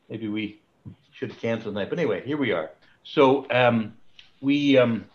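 Male Bible study leader on a video call, mid-pitched, rambly, chuckles often, dull audio. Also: darkish tone. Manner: rambling, restarts, chuckles at his own jokes. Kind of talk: casual online Bible study teaching.

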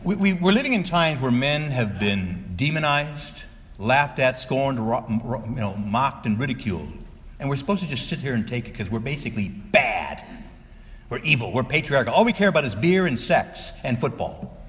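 A man's voice: medium pitch, very animated, moderate pace, a bit bright, in a large hall. A male Catholic priest preaching a sermon, earnest and exhorting, sometimes pleading with his listeners.

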